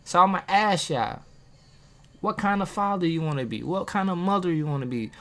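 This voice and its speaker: Filming himself at a table, a man who makes motivational videos preaches casually and challenges viewers with rhetorical questions. He speaks at a moderate pace in a high, bright and forceful voice with lively intonation.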